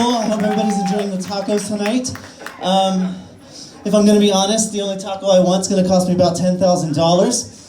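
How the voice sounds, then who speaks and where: A woman's voice: mid-range voice, noisy background. A trans woman in her twenties doing a crude, self-deprecating stand-up set, rambling with fillers. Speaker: stand-up comedian. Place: small cafe-bar stage. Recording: echoey bar room.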